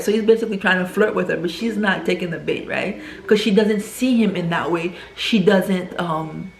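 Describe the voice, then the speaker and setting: A woman film reviewer with a lowish, creaky voice casually recaps a movie plot at a moderate pace with few pauses. Chatty throughout, she keeps checking in with the listener by asking "right?", and the room sounds echoey.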